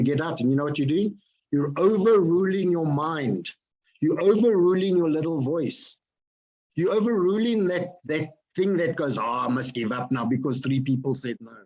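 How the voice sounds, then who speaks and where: A husky, fairly high-voiced man delivers an energetic motivational talk over a video call. He keeps firing questions at his listeners and hammers home his phrases through repetition. The sound is dull and lo-fi. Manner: energetic, repeats phrases, asks the audience questions. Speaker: motivational speaker. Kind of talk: motivational talk to an online group.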